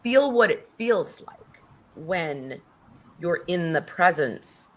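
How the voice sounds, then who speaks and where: A middle-aged woman tells a personal story as an interview guest, in a fairly low voice with big, lively swings in pitch. She talks casually, swears easily and acts out what other people said. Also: slow.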